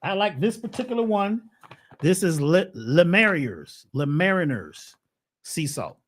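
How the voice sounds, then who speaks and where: A man presenting herbal health advice in a casual livestream talk, preachy and animated, throwing out rhetorical questions. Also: sits high, a little slow.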